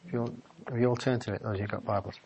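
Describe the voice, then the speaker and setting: A man preaching a Bible-study sermon in a small office meeting room. He reads scripture aloud and builds to fervent, loud exclamations. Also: medium pitch, fairly even intonation, very fast, slight background noise, low-quality recording.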